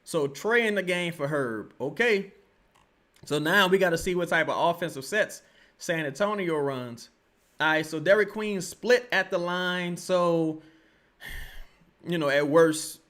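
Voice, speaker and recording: A man, streaming live basketball commentary, excitable and swearing, erupting into shouts and then dropping to low muttering. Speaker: sports streamer reacting to a live game.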